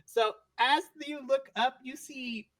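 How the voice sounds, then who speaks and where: A woman narrating as game master on a live stream, playful and quick to laugh. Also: sits high. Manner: giggly, playful, often breaks into laughs.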